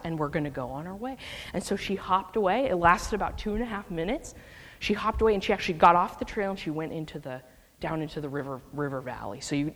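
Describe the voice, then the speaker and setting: Animated woman telling a story in a reverberant hall. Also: lowish voice. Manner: animated, laughing often, acting out quotes. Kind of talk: storytelling sermon.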